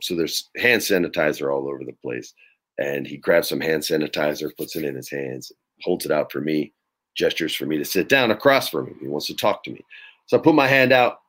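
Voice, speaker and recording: A middle-aged man with a somewhat low voice, sitting as an interview guest. He tells stories in a casual, animated way, swearing freely and playing out the lines of the people in them. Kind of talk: casual anecdote storytelling.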